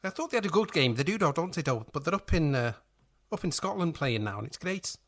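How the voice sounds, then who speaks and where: A man's voice: on the high side, sing-song, fast, fairly bright tone, exaggerated voice. A man doing an impression of a breezy, upbeat football manager.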